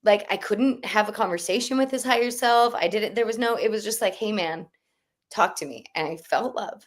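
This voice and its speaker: A woman's voice: medium pitch, brisk. A woman co-hosting a livestream, telling a personal story in a rambling, heartfelt way. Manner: rambling personal storytelling, many fillers and restarts. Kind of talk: casual livestream chat.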